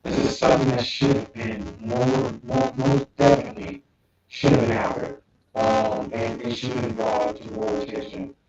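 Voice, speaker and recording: A man's voice: medium pitch, level tone, normal speed, highs cut off, music in the background. Man on an echoey, distant remote line. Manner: rambling, with many ums and restarts. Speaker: podcast co-host. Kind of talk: casual podcast discussion.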